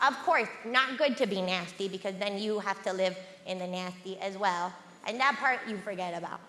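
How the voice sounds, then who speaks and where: A woman doing stand-up on a theatre stage, deadpan and frank, repeating her lines for effect. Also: mid-range voice, normal speed. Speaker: stand-up comedian. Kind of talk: stand-up comedy. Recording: echoey theatre hall, loud noise.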